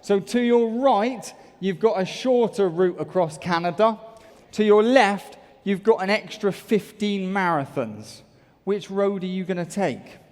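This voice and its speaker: Lively uk guy on stage joking with the crowd, fairly high voice, big echoey hall. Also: a little slow. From United Kingdom. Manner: energetic, jokey, bantering with the crowd. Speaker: motivational speaker. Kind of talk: stage talk to a large audience. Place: large auditorium.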